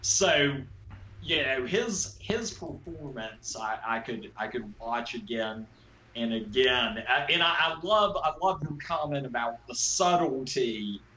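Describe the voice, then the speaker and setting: A man weighs his words slowly and deliberately in a casual film talk, his tone bright and forward. He is heard through a dull, echoey room recording. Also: medium pitch, expressive. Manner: slow, deliberate and measured. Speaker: podcast co-host.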